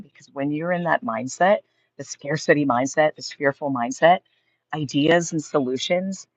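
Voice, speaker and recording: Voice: medium pitch, dry recording. Upbeat live-stream host, dry sound. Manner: upbeat, reads viewer comments aloud and answers them. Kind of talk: motivational live-stream chat. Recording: slightly dull lo-fi stream audio.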